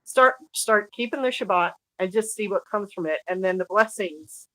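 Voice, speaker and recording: A woman's voice: mid-range voice, moderate pace, sharp tone, no echo, poor audio. A woman guest in an interview who talks earnestly and searches for words as she goes. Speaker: guest author. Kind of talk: casual conversational interview.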